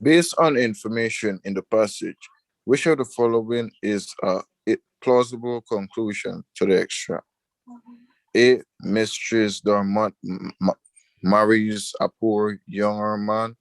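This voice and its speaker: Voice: mid-range voice, measured pace, no echo. A student reading exam questions aloud, carefully, stumbling over some words.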